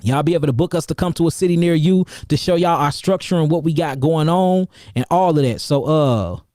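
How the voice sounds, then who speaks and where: A high-pitched man from St. Louis hypes up his livestream viewers with rapid, repetitive shout-outs. He is an herbalist promoting his seminars, talking in loose slang. His voice is close and dry, with no room sound. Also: no echo. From St. Louis, Missouri, USA. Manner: energetic, repetitive, slangy hype.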